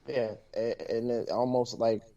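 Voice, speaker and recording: A man co-hosting a podcast, talking in a halting, emotional way with many restarts, upset and shaken. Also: mid-range voice, level tone, mellow, distant mic, highs cut off. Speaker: podcast co-host. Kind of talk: casual podcast discussion.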